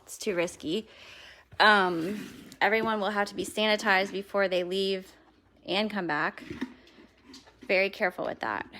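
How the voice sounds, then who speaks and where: A woman chatting casually on a live stream from her home, breaking off to coax her dogs in a high voice. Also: a bit bright. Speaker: home dog breeder.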